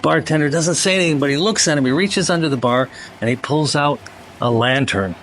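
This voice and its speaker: A man's voice: fairly high pitch, a bit bright, slight background noise. Rambling man telling a long joke. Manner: rambling storyteller, quick bursts. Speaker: host. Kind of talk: casual chat and joke telling.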